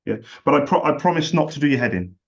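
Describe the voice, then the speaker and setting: A man's voice: fairly high pitch, big pitch swings, quick pace, creaky, slightly rough, lo-fi sound. A man making a friendly cold sales call, chatty and jokey, making fun of himself. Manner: chatty, jokey and self-deprecating.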